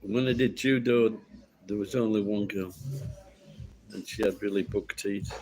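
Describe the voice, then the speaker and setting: A man's voice: fairly low pitch, steady tone, unhurried, a little mellow, poor audio. A middle-aged man with a Yorkshire accent, chatting casually in a rambling, sweary, blunt way. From Yorkshire, northern England.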